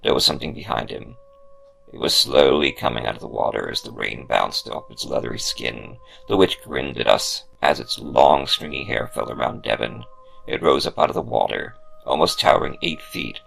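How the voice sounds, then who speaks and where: A man reading a horror story aloud as a host, in a hushed, ominous way, recorded live in a comic store. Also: very deep voice, fairly even intonation, normal speed, vocal fry, soft background music, rough recording. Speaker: horror author and show host.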